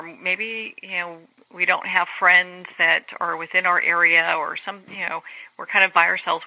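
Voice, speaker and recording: A woman's voice: lowish voice, no room sound. A woman hosting an interview in a chatty way, with frequent fillers. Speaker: host. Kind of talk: casual interview chat. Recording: dull lo-fi radio recording.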